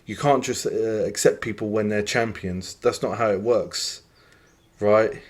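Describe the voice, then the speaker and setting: Rambling low-voiced podcast host. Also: male voice, steady tone, measured pace. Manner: opinionated, rambling, lots of fillers. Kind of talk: casual chat.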